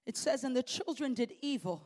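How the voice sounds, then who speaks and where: High-voiced woman preaching with emphatic cadence. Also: animated, fairly quick, a little mellow. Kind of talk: sermon.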